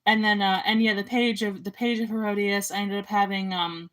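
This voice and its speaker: A young woman talks casually about her own film project, rambling and full of ums and likes. Her voice sits at a middle pitch, neither high nor low. The tone is loose and conversational. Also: steady tone, brisk, a bit bright, low-quality recording. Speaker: amateur filmmaker and artist. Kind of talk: casual chat.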